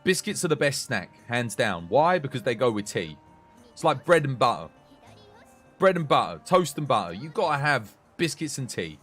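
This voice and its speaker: A man's voice: on the high side, a bit bright. A British man chatting casually with his live-stream viewers, rambling and answering chat. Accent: British English. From United Kingdom.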